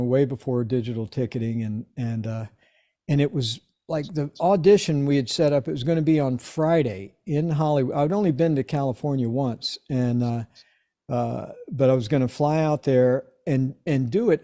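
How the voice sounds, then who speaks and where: A middle-aged man telling an anecdote in an interview, lively and acting out the quoted voices as he goes. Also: mid-range voice. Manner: animated storyteller, acts out quoted voices. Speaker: interview guest. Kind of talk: storytelling anecdote.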